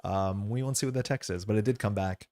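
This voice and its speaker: A man's voice: lowish voice, quick pace, dark tone. A man playing a card game on stream, thinking aloud as he explains the rules and his choices in a casual way.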